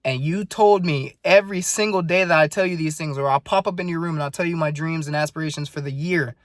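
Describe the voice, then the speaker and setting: A young man of nineteen talks straight to camera in a rambling, profane video diary rant. His voice sits a little high for a man, and the recording is close and dry, with no room sound. He comes across earnest and blunt. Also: fast talker, no room sound. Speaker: vlogger.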